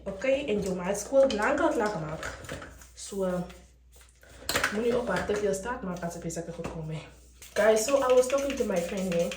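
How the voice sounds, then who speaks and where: A woman's voice: medium pitch, distant mic, noisy background. A young Namibian woman with a Namibian accent chatting casually to her vlog camera, mixing English and Afrikaans and laughing often. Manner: chatty and animated, switching between English and Afrikaans with frequent laughs. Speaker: vlogger. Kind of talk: casual chat. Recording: roomy echo, mic set back.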